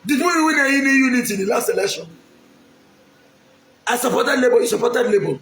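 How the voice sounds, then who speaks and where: An aspiring local politician from Edo State, Nigeria, speaks with a Nigerian accent, making an emphatic, pleading public appeal directly to the camera and repeating his lines. His very high-pitched voice is animated, brisk and sharp. The room is echoey, with slight background noise.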